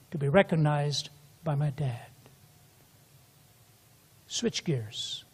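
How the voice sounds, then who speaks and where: A man's voice: a little high, animated, slow, breathy edge. Older male preacher in a reverberant hall. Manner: storytelling, voice rising to emphatic peaks. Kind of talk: sermon.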